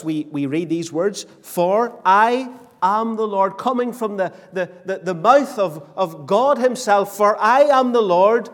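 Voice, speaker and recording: Male preacher from Northern Ireland, high voice, deliberate emphatic delivery, echoing church hall. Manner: emphatic, slow, repetitive preaching with rhetorical questions. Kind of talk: sermon. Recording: long reverb of a church hall.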